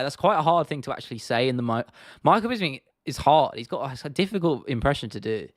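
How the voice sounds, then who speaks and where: Young male streamer, mid-pitched, easygoing and sweary, dry close mic. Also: lively intonation, fast talker, dry recording. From United Kingdom. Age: 20s. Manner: laid-back, sweary, laughs often. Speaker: livestream host. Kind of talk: casual livestream Q&A.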